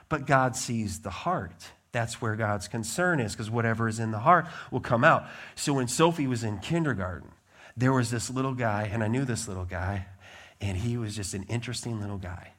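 A man preaching a sermon as a pastor, emphatic and blunt, with lively swings in his delivery. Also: mid-range voice, brisk.

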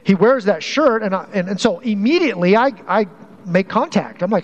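A man's voice: high voice, animated, a little fast, in a large hall, dull audio. A man preaching a sermon as pastor in a conversational way, often restarting and repeating phrases to drive a point home.

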